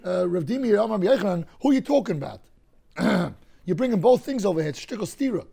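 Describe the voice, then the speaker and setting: A man teaching a Talmud class, explaining cases through lively hypothetical scenarios and often clearing his throat. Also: sits high, quick pace.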